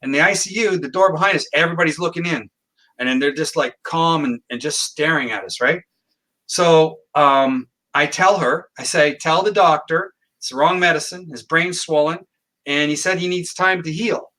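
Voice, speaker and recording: A man's voice: fairly high pitch, moderate pace, pushed and bright. A man telling a long personal story as a guest in a podcast interview, acting out quoted dialogue. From Canada. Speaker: guest psychic.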